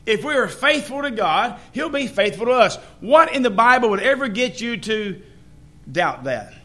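A man's voice: very high-pitched, big pitch swings, moderate pace, fairly bright tone. A man preaching a sermon in a folksy way, asking the congregation questions.

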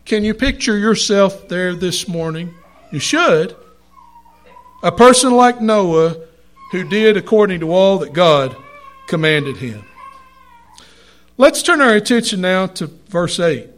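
A man delivers a sermon in an unhurried, deliberate cadence. His voice sits high for a man. He reads scripture aloud and lands hard on the words he wants to stress. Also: animated, fairly bright tone. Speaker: preacher.

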